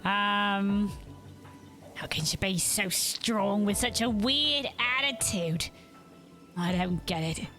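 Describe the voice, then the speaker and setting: A woman's voice: mid-range voice, steady tone, measured pace, fairly bright tone, faint music behind, voice pushed down, close to an everyday voice. A woman voicing a brash, tough young woman in a put-on Scottish-ish accent, blunt and grumbling.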